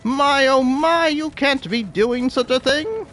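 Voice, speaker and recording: A man's voice: extremely high pitch, slow pace, a bit bright, slight background noise, voice pushed up, heavily acted. A man voicing a pompous, profit-obsessed male corporate boss with a haughty, theatrical manner and crude outbursts.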